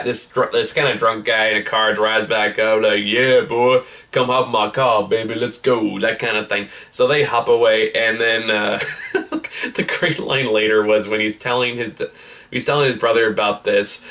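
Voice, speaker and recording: A man rambles through a casual movie review, swearing freely and chuckling as he retells scenes. His voice is bright and forward, at an ordinary middle pitch. The mic sits some distance from him. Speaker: film reviewer.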